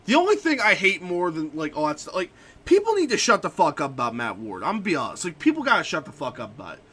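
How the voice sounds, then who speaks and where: A man's voice: a little high, huge pitch swings, fast, fairly bright tone, breathy edge. A young man streaming a game and chatting casually, ranting and swearing freely about books he has read. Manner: profane, ranting. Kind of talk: casual gaming stream chat.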